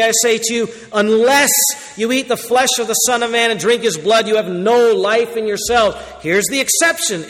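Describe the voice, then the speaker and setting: A high-voiced pastor preaches a sermon in a big hall, speaking emphatically and swinging between loud declarations and quiet asides.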